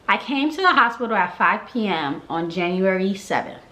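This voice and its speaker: A woman's voice: mid-range voice, animated, moderate pace, bright, forceful tone. A young woman telling her birth story in casual vlog style, acting out the people she quotes.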